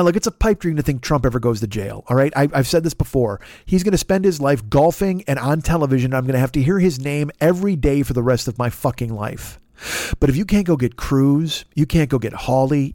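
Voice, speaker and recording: In a comedic podcast monologue, a man rants with exasperation and profanity, stumbling over his own restarts. His voice is slightly high for a man and dark in tone. The recording is dry and close, with no room sound or echo.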